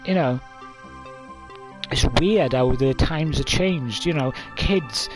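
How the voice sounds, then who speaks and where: A man's voice: mid-range voice, slow, faint music behind. A man of twenty-five, telling a story casually to camera with lots of fillers. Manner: rambling, many fillers, coughs and laughs.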